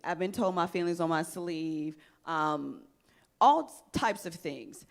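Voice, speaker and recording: A woman's voice: on the low side, expressive, slow, gravelly. A woman hosting a panel talk show, speaking emphatically and addressing the panel directly.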